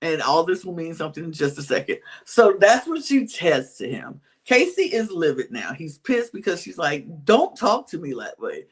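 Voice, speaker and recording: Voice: mid-range voice, normal speed, hardly any pauses, breathy edge. A podcast co-host in casual chat, telling stories animatedly and acting out quotes. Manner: animated storytelling with acted-out quotes. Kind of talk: casual chat recapping reality TV.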